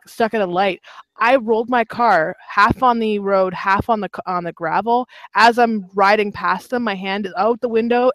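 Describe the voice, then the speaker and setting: A woman's voice: medium pitch, no echo. A woman co-hosting a casual podcast chat, telling stories candidly with frequent restarts and laughs. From Canada. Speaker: podcast co-host, motorcycle rider.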